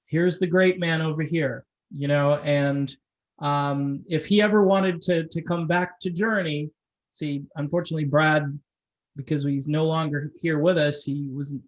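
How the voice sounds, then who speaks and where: A man's voice: on the high side, steady tone, normal speed, low-quality recording. A man hosting an interview, talking with enthusiasm as a fan. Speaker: interview host. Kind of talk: casual interview conversation.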